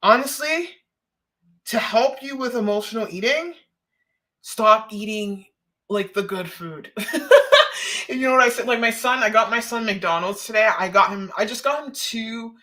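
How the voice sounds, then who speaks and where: Her fairly high voice is sharp and a little slow. She's a woman from Canada on a live stream, rambling, laughing often, and emotional to the point of holding back tears.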